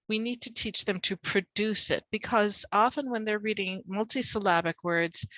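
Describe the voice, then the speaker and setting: A woman tutor talks other teachers through her method in a conversational way, now and then leaning hard on single words to show the stress. Her voice sits at an ordinary middle pitch, and the video-call sound is close and dry. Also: a bit bright, dry recording, low-quality recording. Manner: conversational, demonstrates stressed words with extra punch. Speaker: reading and spelling tutor.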